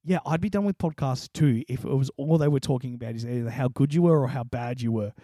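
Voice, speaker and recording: A man's voice: mid-range voice, fast talker, dry recording, studio quality. A young man co-hosting a podcast, telling stories with lots of swearing and laughter. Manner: laughing, animated storytelling, swears freely. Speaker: podcast co-host. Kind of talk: casual chat.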